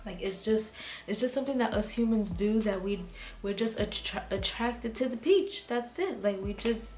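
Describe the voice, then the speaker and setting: A young woman vlogger rambles through a casual storytime, heated and cursing, with lots of "like" and restarts. Her mid-range voice has a darkish tone and a moderate pace, and music sounds in the background.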